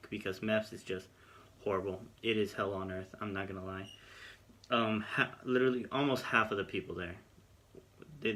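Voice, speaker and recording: A man's voice: on the low side, a bit bright. A young man recounting his experience in a casual, rambling, self-deprecating storytelling vlog. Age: young adult. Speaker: vlogger.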